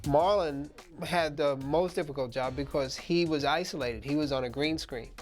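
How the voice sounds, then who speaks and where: A man's voice: fairly high pitch, normal speed, faint music behind. A man explaining how the film was shot in a plain, explanatory way, in a behind-the-scenes interview.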